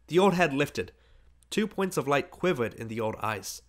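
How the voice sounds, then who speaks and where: A man's voice: medium pitch, very animated, moderate pace. A man narrating a literary short story as an audiobook, reading expressively with emphatic rises.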